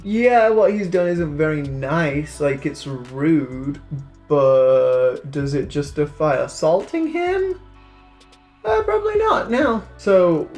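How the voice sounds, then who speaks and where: Man, northern English accent, sarcastic movie review, playful voices, faint music behind. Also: fairly high pitch. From northern England. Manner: sarcastic, animated storytelling with mocking asides. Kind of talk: casual movie review vlog.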